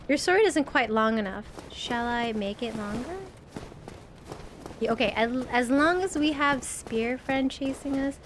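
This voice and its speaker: Woman streamer, high voice, slow unhurried delivery, game commentary over a noisy background. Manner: panicky, laughing, talks to chat. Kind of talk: live gameplay commentary.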